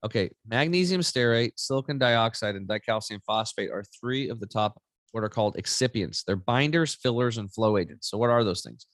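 A man in his forties, a podcast guest, chatting casually and telling stories with lively acted-out voices. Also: fairly low pitch, a little fast, no echo. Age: 40s. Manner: animated storytelling, acting out voices. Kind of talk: casual chat.

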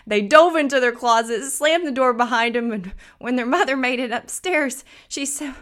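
An American woman in her thirties hosts a podcast, telling stories in a chatty, folksy way and chuckling often. Her voice is fairly high and a bit bright, and she speaks at a moderate pace.

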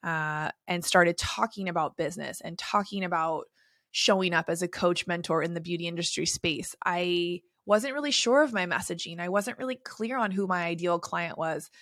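A woman's voice: lowish voice, moderate pace, a bit bright, no room sound, clean studio sound. A young adult woman hosting a solo podcast, telling stories in a chatty way with lots of fillers. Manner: chatty, filler-heavy storytelling. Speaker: podcast host and beauty industry coach.

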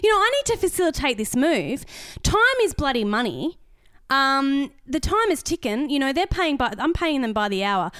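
An Australian woman co-hosting a podcast, telling a story in casual chat, animated and swearing, acting out the voices of others. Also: sits high, normal speed, dry recording. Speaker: podcast co-host.

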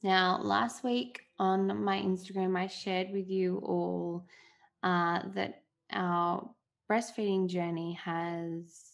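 A woman in her thirties hosting a solo podcast, talking candidly and from the heart in a relaxed, conversational way. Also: lowish voice, slow pace, vocal fry. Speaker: podcast host.

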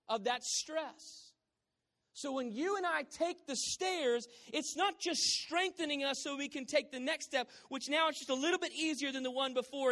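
Southern pastor, high voice, playful sermon that keeps quizzing the crowd. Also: a bit bright. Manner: humorous, conversational, quizzing the congregation. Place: church hall with congregation.

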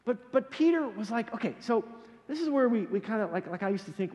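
Male pastor, high and very expressive voice, casual animated sermon, long hall reverb. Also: fairly quick. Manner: casual, animated storytelling with slangy asides.

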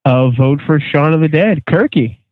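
A man hosting a casual podcast chat, moderating the panel's votes in an animated way. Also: a little high, moderate pace, no echo. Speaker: podcast host. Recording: tinny lo-fi phone-like sound.

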